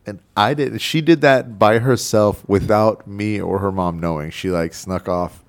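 A man's voice: fairly low pitch, measured pace. A man hosting a radio show, chatting casually with lots of fillers and laughs. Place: radio studio.

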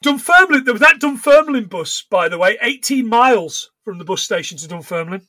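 Bright high-voiced man in casual chat. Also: expressive, brisk, no echo. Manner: rambling, sweary, recounts what he has watched. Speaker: podcast co-host.

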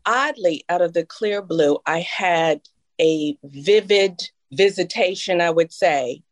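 A woman's voice: on the low side, slow, no room sound. A woman in her fifties co-hosting a podcast, telling a personal story in a heartfelt, emotional way. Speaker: podcast co-host. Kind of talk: casual conversational podcast.

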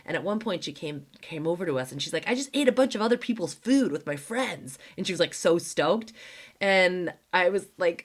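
A woman hosting a podcast and chatting casually, with lots of "like" fillers and acted-out quotes as she tells stories. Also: low-pitched. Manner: chatty, heavy use of "like", acts out quoted dialogue. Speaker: podcast host. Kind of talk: casual conversational storytelling.

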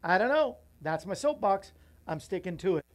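A man's voice: high voice, big pitch swings, normal speed. A man hosting a morning show from a small bookstore studio, chatting casually and rambling to viewers. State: out of breath. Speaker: host.

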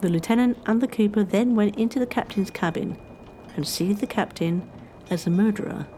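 A woman narrating a historical story in a measured, scripted storytelling style. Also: mid-range voice, background noise.

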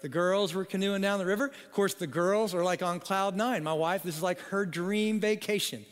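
High-voiced man preaching, echoing hall. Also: fairly even intonation, moderate pace. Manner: humorous storytelling with frequent "okay?" asides. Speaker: pastor. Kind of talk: sermon. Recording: long hall reverb.

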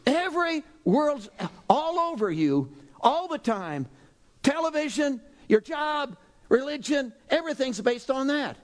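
A man preaching a sermon in an animated, dramatic way, now and then breaking into loud exhortations. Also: very high-pitched, measured pace. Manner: animated, dramatic, shifts into shouted exhortations and acted quotes. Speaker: pastor.

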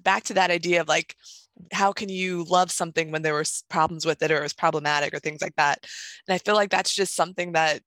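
Bright-voiced reflective podcast host. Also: medium pitch, dry recording. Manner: reflective, thinks aloud with many fillers. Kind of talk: casual chat.

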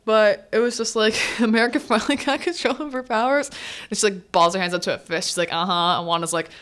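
A woman's voice: on the high side, fast talker, fairly bright tone. A young woman hosting a student podcast, chatting casually and laughing as she recaps a film and acts out the characters' lines. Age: young adult. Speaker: podcast host.

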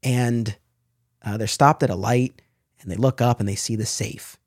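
A man chatting on a podcast, retelling scenes with animated enthusiasm. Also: medium pitch, moderate pace, no room sound, clean studio sound. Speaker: podcast co-host. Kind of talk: casual chat.

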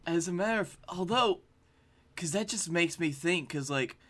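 A man from Alabama co-hosting a comedy podcast, tossing in dry, deadpan asides. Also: on the high side, normal speed. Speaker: podcast co-host. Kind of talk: casual comedic chat.

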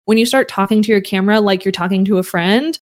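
A woman's voice: mid-range voice, fast. Young woman, podcast guest, casual, chatty, filler "like". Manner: chatty, uses "like" often, mimics voices in quotes. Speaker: podcast guest, online educator. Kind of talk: casual interview talk.

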